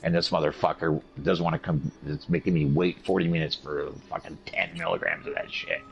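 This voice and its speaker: A man recovering from surgery, telling profane, animated stories in a casual chat. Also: rumbling low, a little fast, gravelly. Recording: dull lo-fi recording with faint noise.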